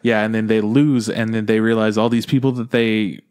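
A man's voice: fairly low pitch, flat delivery, normal speed, darkish tone, clean tone. A man co-hosting a podcast, reflecting earnestly on a film and agreeing with his co-host. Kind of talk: casual chat about a film.

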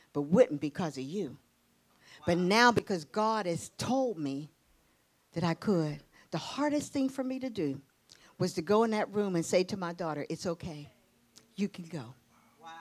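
A middle-aged woman pastor preaching a sermon, telling a personal testimony, dropping to hushed tones and rising to exclamations. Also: mid-range voice. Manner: emotional testimony, shifting between hushed and exclaiming.

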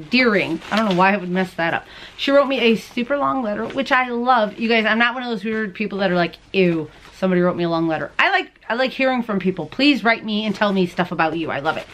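A woman hosts a crochet and knitting show, chatting casually to the camera while opening mail at home. She's bubbly and gushing, laughing often, in a mid-range, fairly bright voice with slight background noise.

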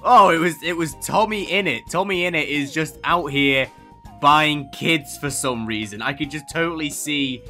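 A young man with a bright, forceful voice, pitched a little high, running sarcastic comedic commentary as he reacts to posts. He laughs often and drops into mocking voices. Faint music plays behind him. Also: moderate pace.

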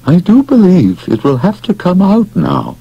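A man voicing a kindly, wise old scientist who speaks in a quiet, firm way, in an audiobook. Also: medium pitch, very animated, measured pace, slightly rough, lo-fi sound, voice pushed up, exaggerated voice. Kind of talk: audiobook character voice.

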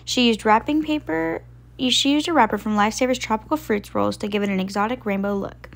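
A woman reading a children's picture book aloud in a gentle, expressive way. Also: on the high side, fairly quick. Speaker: storybook reader.

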